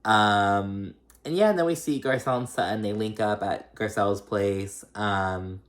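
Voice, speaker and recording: A young man hosting a casual reality TV recap, chatty and profane, laughing often and mimicking people in a high voice. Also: a little slow.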